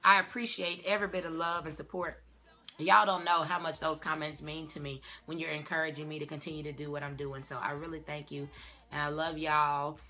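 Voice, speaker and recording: A young woman with a Southern US accent, an actress and singer chatting casually to the camera in an animated way, dropping "y'all" and "child". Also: low voice, a little fast.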